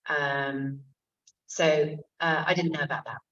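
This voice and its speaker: An English actor and author answering audience questions at a bookshop event, candid and self-mocking, with frequent swearing. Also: female voice, low-pitched, flat delivery, slow, fairly bright tone. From England. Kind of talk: casual stage conversation. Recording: distant, dull lo-fi room recording.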